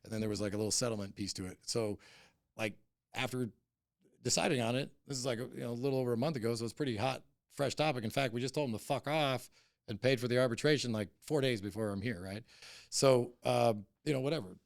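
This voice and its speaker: Fast-talking gravelly man, blunt and profane. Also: mid-range voice, no room sound, studio quality. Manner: blunt, heavy swearing, heated. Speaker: cannabis company CEO, podcast guest. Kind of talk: casual interview storytelling.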